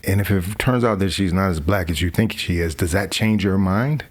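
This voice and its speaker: Low husky guy reacting to clips, wry and chatty. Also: moderate pace. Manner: wry, laughing asides. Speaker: commentary host. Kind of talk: reaction commentary.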